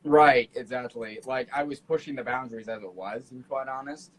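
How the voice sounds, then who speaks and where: A young man talking as a guest on a casual podcast, outgoing and animated, laughing often. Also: medium pitch, a little fast, rough recording. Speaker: guest artist.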